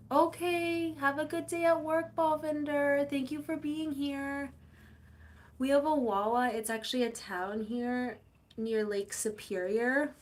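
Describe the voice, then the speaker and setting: A young woman hosting a casual live stream, chatting to viewers, answering their comments and telling rambling stories. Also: high-pitched. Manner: animated storytelling with playful quoted voices. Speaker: livestream host.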